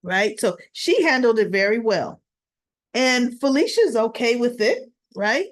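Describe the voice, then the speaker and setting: Brief: woman soap reviewer, slightly high voice, loose chatty recap full of asides. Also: big pitch swings, measured pace. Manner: chatty, rambling storytelling with asides. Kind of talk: casual episode recap.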